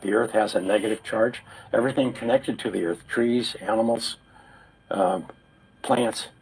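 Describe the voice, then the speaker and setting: Low-voiced man explaining step by step. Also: darkish tone, husky, rough recording. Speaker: interview guest. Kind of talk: explanatory interview talk.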